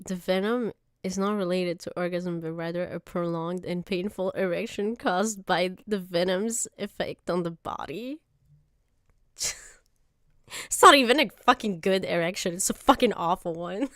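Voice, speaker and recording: Bright, crisp woman streamer chatting. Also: fairly low pitch, no room sound, clean studio sound. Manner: profane, exaggerated, quick to laugh. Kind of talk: casual reaction chat.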